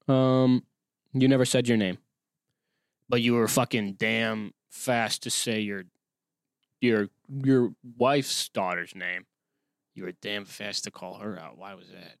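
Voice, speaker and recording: A man's voice: on the low side, slow, creaky, no echo. Rambling, sarcastic man on a dry mic. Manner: rambling, sarcastic, swears often, interrupts his own reading. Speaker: podcast host. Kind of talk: casual solo podcast, reading and reacting to a listener story.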